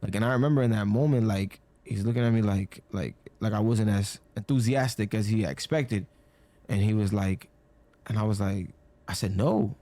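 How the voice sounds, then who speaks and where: A young man with a fairly low voice tells a story in a loose, casual way. He rambles, leans on "like" constantly, and slips into the voices of the people he quotes. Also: normal speed, dark tone. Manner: rambling, many "like" fillers, acts out quoted dialogue. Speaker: storyteller guest.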